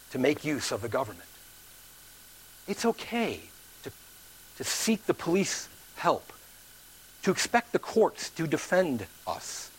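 Preacher, male, high voice that leaps around, animated sermon delivery. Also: measured pace, long pauses, husky. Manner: animated preaching, acts out quoted voices with big pitch swings. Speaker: pastor.

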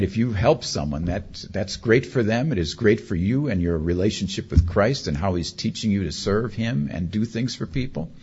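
A man's voice: lowish voice, breathy edge, muffled recording. A man preaching a sermon as pastor, talking casually with his congregation and often asking "right?". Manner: conversational, often asks "right?"; grows louder and more fervent. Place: church.

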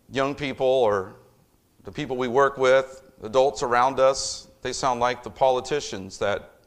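A middle-aged man preaching a sermon as a pastor, emphatic, with loudness that rises and falls. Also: mid-range voice.

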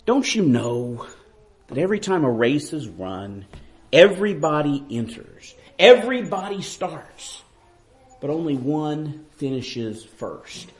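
A middle-aged male preacher with a fairly high voice delivers a sermon. He swings from near-whispers to ringing peaks and keeps asking his listeners pointed questions. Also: big pitch swings, slow. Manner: dramatic swings from hushed to loud.

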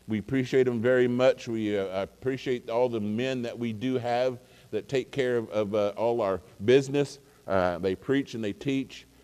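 Rambling preacher in a reverberant hall. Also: male voice, medium pitch, normal speed, hardly any pauses, a little mellow, clear, resonant tone. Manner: rambling, folksy, many fillers and restarts. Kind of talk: casual sermon anecdote.

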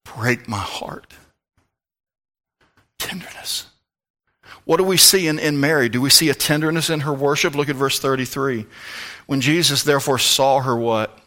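A man preaching a sermon as pastor, fervent, swinging between shouts and hushed tones. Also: mid-range voice, fairly even intonation, brisk.

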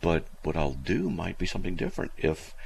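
A man hosting a Bible teaching show, animated and emphatic, his voice jumping high when he gets excited, pausing to look up verses as he thinks aloud. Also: gravelly, slight background noise.

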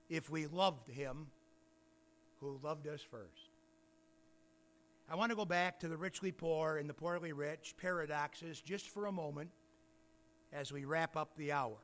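A man preaching a sermon, firing rhetorical questions and building to emphatic shouts. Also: on the high side.

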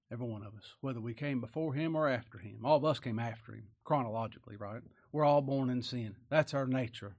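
A man preaching a sermon in a folksy way, asking rhetorical tag questions and moving between loud emphatic lines and quiet, slowed asides. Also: mid-range voice.

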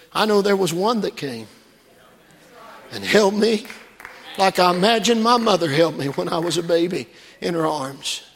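A man preaching a sermon from the pulpit, moving between quiet storytelling and shouted, fervent peaks. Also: high voice, long reverb tail. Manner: preaching that swings from hushed storytelling to shouted climaxes. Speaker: pastor. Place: church sanctuary.

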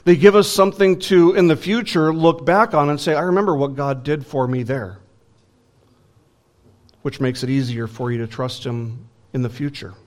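A man's voice: fairly high pitch, fairly even intonation, normal speed, a little mellow. A man preaching a sermon in an earnest, emphatic way, building lists and asking rhetorical questions.

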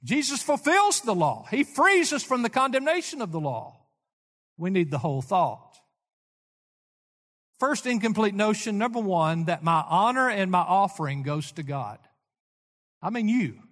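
Folksy older preacher in a hall. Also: male voice, high voice, very animated, unhurried. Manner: folksy storytelling preacher, swings from loud to hushed. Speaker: pastor. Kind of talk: sermon. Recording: echoey church hall.

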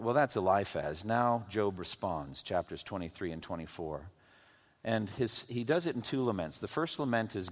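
Man preaching a sermon in a reverberant hall. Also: mid-range voice. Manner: expressive preaching, reading scripture aloud with emphasis. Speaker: pastor.

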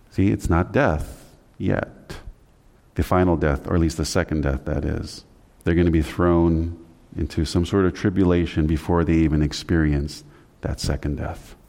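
A man preaching a sermon on scripture, asking and answering his own questions, rising for emphasis and dropping low at the ends of phrases. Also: darkish tone. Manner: rises in pitch and volume for emphasis, drops low at phrase ends. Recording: long hall reverb.

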